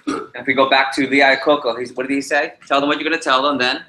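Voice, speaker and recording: A man training a live audience in public speaking, animated and shifting his speed and pitch to demonstrate his points. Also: fairly quick. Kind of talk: energetic presentation to a live group. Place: meeting room with a live audience. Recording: roomy echoey hall.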